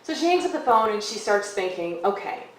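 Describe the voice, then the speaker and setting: A young woman telling a story on stage at a café, casual and lively, acting out quoted lines with hushed asides. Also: mid-range voice, a little fast. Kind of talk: live storytelling. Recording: echoey live room from far off.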